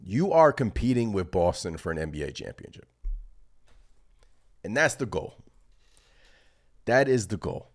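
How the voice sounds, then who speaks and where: Male fan-channel host, very low voice, excitable and rambling, live reaction stream. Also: measured pace, pauses often. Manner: excited, rambling, thinks aloud.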